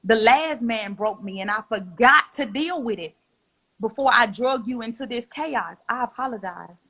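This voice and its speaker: Earnest woman with a bright, husky voice. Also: on the high side, low-quality recording. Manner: earnest, repetitive, emotional. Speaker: guest. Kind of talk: heartfelt spoken apology.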